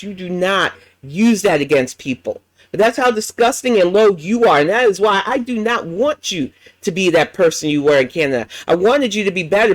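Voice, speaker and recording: A man's voice: high voice, dry recording, poor audio. A man hosting a livestream commentary show, ranting bluntly with heavy profanity.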